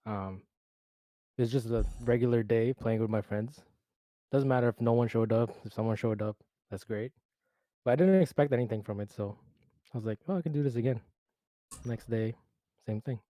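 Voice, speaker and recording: A man with a mellow, dark voice talks in a relaxed, matter-of-fact way. The recording is dry and close. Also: medium pitch, moderate pace, long pauses, dry recording. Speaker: streamer guest. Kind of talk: casual group chat.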